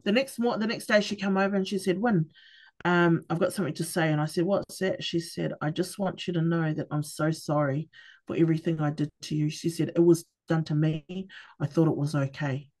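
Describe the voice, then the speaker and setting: A middle-aged woman, a podcast guest sharing her personal story candidly, with halting restarts and acted-out quoted conversations. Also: low-pitched, steady tone, a little mellow.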